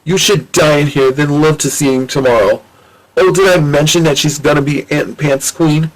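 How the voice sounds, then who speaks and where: A man voicing Anne, a sharp-tongued, scornful young woman. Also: fairly high pitch, normal speed, voice pushed up, lightly acted, poor audio. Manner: sneering, cutting.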